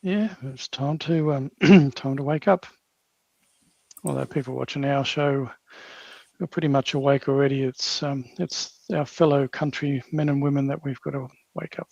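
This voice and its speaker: A man co-hosting a podcast, speaking in a slow, hesitant way with throat-clearing. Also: mid-range voice, fairly even intonation, darkish tone, no echo, lo-fi sound. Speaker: podcast co-host. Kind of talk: casual chat.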